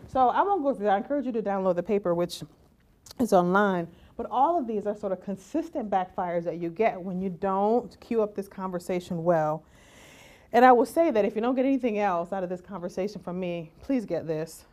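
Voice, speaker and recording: A woman giving a lively conference talk as keynote speaker, often asking "right?" and acting out the voices she quotes. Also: medium pitch, fairly quick. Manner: animated, acts out quoted voices, rhetorical "right?".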